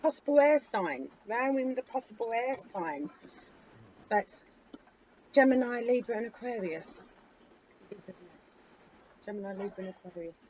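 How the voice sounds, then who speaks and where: A woman hosting a casual tarot reading, chatting in a relaxed way with frequent ums. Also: on the high side, a little slow, long pauses, muffled recording, slight background noise. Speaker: tarot reader.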